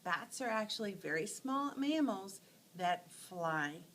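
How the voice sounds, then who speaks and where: A woman teacher telling short animal stories to teach letter sounds, acting out each sound with lively expression. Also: medium pitch, slow, slight background noise, poor audio. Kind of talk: phonics lesson storytelling.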